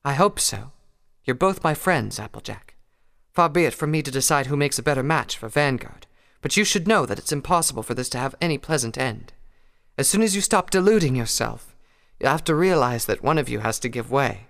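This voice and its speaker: A prim, genteel pony lady, as a male reader puts her on, fretting in dramatic phrases. Her voice sits well above his own and keeps a gravelly edge. The storybook reading rings with a long hall reverb. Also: mid-range voice, lively intonation, a little fast, a bit bright, pitched above the performer's own voice. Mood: earnest. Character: refined fussy female pony, prim and worried. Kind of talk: fan fiction audiobook reading.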